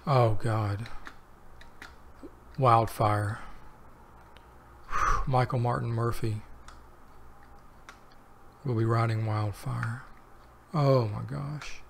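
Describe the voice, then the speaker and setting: Man, gravelly voice, casual gameplay commentary, rambling, talks to himself, faint background hiss. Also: medium pitch, fairly even intonation, extremely slow, long pauses. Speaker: let's play host.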